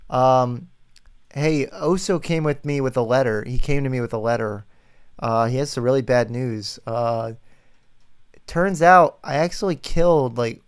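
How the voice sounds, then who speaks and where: Male streamer, casual and teasing, smooth resonant voice at mid pitch. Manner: joking, teasing. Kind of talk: casual live-stream chat.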